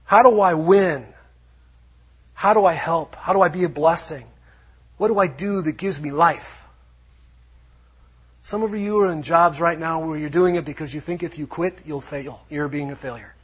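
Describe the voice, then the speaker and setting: A man preaching a lively sermon, acting out little quotes as he goes. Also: fairly high pitch, normal speed, long pauses, slightly rough. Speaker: pastor. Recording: dull lo-fi sound.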